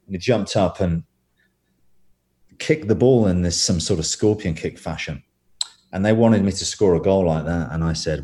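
A man's voice: sits low, a little fast, darkish tone. A man telling rambling, self-deprecating stories as a guest in a casual interview.

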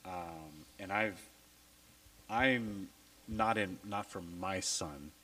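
Deep-voiced blunt man, casual podcast host. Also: extremely slow, bright, forceful tone, low-quality recording. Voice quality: low voice. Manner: blunt, swears freely.

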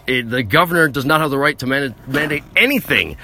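A man's voice: mid-range voice, lively intonation, quick pace, pushed and bright. Brash, boastful man ranting. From United States. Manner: boastful, brash, self-aggrandizing. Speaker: podcast host. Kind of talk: rambling comic rant. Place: small vehicle used as a mobile studio.

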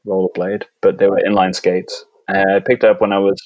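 A man with a Bristol English accent, a podcast guest talking casually with a dry, deadpan wit. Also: sits low, brisk, no echo, dull audio. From England. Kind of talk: casual chat.

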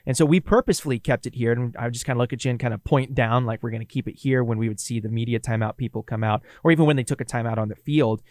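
A Kansas-accented man chatting loosely about a broadcast, trailing into restarts and quick laughs. His voice sits mid-range and close to the mic in a dry, dead-sounding room. Easygoing radio co-host talk. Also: mid-range voice, darkish tone, no room sound. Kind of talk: casual chat.

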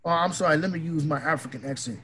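A man's voice: fairly high pitch, fast, fairly bright tone, slight background noise, poor audio. A man ranting in a casual opinion talk, emphatic, heated and profane.

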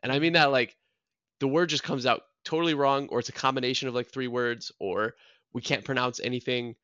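A man's voice: medium pitch, a little fast, no echo, dull audio. A man in his early twenties co-hosting a podcast, chatting casually and telling jokey stories. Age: young adult. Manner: joking, self-mocking, animated storytelling. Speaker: podcast co-host. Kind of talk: casual chat.

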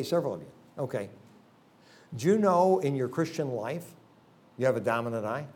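A man's voice: a little high, a little mellow. Folksy joking preacher, a man. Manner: leads the audience through a hands-on exercise. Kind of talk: revival sermon to a congregation. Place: church service.

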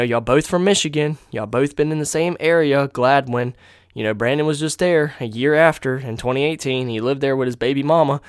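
A man's voice: medium pitch, clean tone, dry recording. Rambling young man, dry close mic. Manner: rambling, excitable, swears freely. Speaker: podcast host. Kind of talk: casual storytelling podcast. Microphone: desk microphone on a box.

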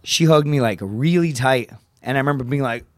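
A man's voice: medium pitch, fairly quick, dry recording, clean studio sound. A man on a podcast, telling a personal story in casual talk, swearing freely and acting out the people he quotes. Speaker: podcast guest, comedian and Marine veteran.

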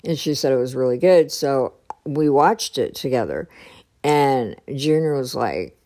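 A woman telling a personal story in a casual way, often pausing and hunting for the right words. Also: a bass voice, lively intonation, warm tone. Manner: hesitant, searching for words.

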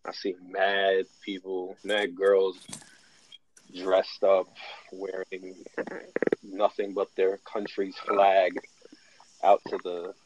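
Laid-back man, low voice, dull lo-fi sound. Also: completely flat delivery, slow, pauses often, slight background noise. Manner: laid-back, wry, trails off with ums. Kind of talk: casual chat.

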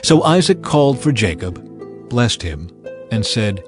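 A man narrating a Bible reading in a measured storytelling way. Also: mid-range voice, very animated, music in the background.

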